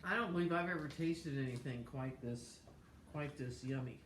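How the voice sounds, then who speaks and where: A woman pastor co-hosting a home cooking show, chatting warmly and gushing over the food. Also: rumbling low, moderate pace, roomy sound, a little hiss or hum. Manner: chatty and effusive, lots of oohs over food. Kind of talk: casual chat. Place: home kitchen.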